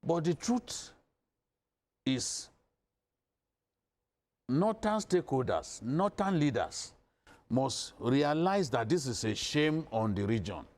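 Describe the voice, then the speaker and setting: A man's voice: medium pitch, big pitch swings, slow pace, pauses often, a little mellow. Impassioned northern Nigerian man. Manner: emphatic, repeating points with rising insistence. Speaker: studio guest commentator. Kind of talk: impassioned panel discussion.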